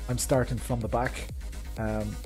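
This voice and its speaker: A man's voice: medium pitch, level tone, a little slow, a little mellow. Chatty Irish man streaming a race. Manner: chatty, rambling, lots of ums and asides to viewers. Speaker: sim racing streamer. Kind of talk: casual live-stream chat. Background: faint background music.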